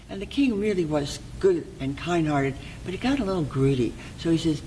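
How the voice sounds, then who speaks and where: Casting: lively oral storyteller for a folk tale, mid-range voice. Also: medium pitch, normal speed, hardly any pauses, slight background noise, low-quality recording. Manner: lively, expressive, repetitive folk-tale phrasing.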